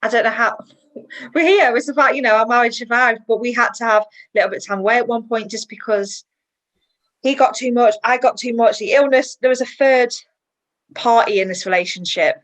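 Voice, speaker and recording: A woman, a guest in a personal interview, chatty and emotional and quick to laugh. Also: a little high, fairly bright tone, rough recording.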